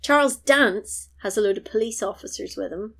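A woman, retelling a film in casual chat, animated and quick to laugh. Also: medium pitch, creaky. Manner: animated storytelling, laughs often. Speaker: podcast host recapping a film.

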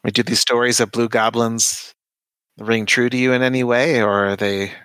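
A man's voice: mid-range voice, flat delivery, normal speed, fairly bright tone, clean tone, no room sound, poor audio. A man playing a tabletop game, speaking in character in a formal, probing way with some restarts. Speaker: player. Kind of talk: in-character role-play.

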